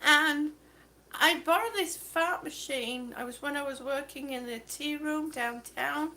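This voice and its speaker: Woman on oxygen, livestream host; slow, chatty storyteller with a high, bright voice. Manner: chatty storyteller, laughs often. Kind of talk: casual chat, reading viewer comments.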